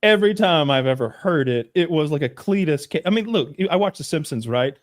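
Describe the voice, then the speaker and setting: A man's voice: fairly high pitch, animated, a little fast. A man from the southern United States chatting as a podcast co-host, rambling through stories with swearing and restarts. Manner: rambling storyteller, profane, full of restarts. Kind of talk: casual chat.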